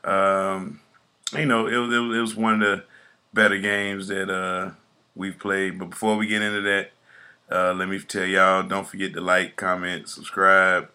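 A man hosting a casual podcast, hoarse and raspy, talking loosely and joking as he tells stories. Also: low voice, bright, forceful tone. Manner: boastful, joking hype intro, loose storytelling. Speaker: podcast host; youth football coach.

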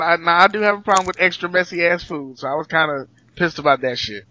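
A man in casual chat, telling animated, joking stories full of slang and swearing. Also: fairly high pitch, quick pace. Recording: dull lo-fi sound.

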